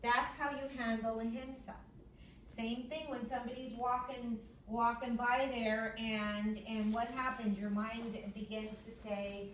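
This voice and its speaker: A middle-aged woman gives a classroom lecture. Her voice sits fairly high and comes from some way off the mic in a roomy, echoey space. A faint room hum runs underneath. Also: measured pace, far from the mic. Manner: lively storyteller, acts out her own yelling in a high voice. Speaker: yoga teacher.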